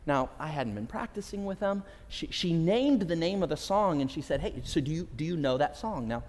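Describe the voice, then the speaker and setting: A man preaching from the pulpit with a slightly high voice, sharing stories with humor and animated energy. The sound is a church recording with a long hall reverb around his voice. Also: brisk. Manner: storytelling, animated, self-deprecating humor. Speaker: pastor. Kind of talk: sermon. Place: church sanctuary.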